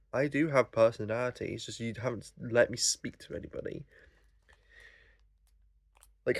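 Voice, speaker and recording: A man's voice: mid-range voice, no echo. A young man telling a story in a casual vlog, rambling and swearing, full of fillers. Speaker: vlogger.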